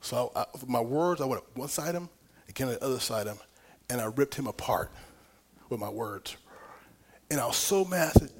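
A middle-aged man preaching a sermon, telling a personal story with big swings from whispers to loud, laughing exclamations. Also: mid-range voice, fairly quick. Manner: animated storytelling, dropping to whispers and rising to near shouts.

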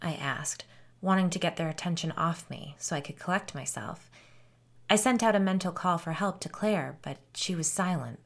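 A woman reading a first-person novel as an audiobook, in a measured storytelling way. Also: fairly low pitch. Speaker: audiobook narrator.

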